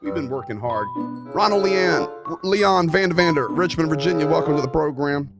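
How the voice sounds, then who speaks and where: A man's voice: a little high, moderate pace, vocal fry, over loud music. A man hosting a talk show, delivering a folksy, emphatic monologue with playful asides. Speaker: show host.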